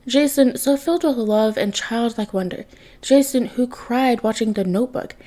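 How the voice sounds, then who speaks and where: A woman's voice: fairly high pitch, moderate pace, dark tone. A woman reading fan fiction aloud, narrating with emotion. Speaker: podfic reader.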